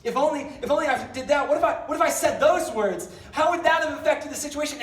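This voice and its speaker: A man's voice: very high voice, roomy sound, far from the mic. A young man giving a casual youth sermon, telling a rambling story with lots of fillers and self-deprecating jokes. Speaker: youth pastor. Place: large church hall.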